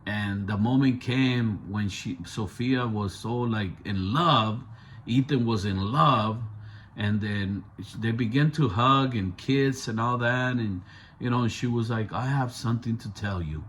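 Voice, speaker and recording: A man's voice: medium pitch, slow pace, fairly bright tone, slight background noise. A man telling a true story in a conversational way, with street slang and frequent asides to the listener. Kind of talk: casual true-story narration.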